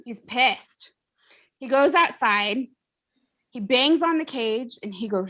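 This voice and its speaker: An American woman hosting a casual conversation, an animated storyteller who mimics voices. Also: a little high, a little slow, highs cut off.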